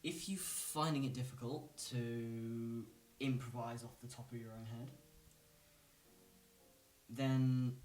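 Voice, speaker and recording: Rambling man teaching improvisation in a roomy space. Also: mid-range voice. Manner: relaxed, rambling, many fillers and restarts. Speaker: music teacher. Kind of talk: casual instructional talk. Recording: roomy, from a distance.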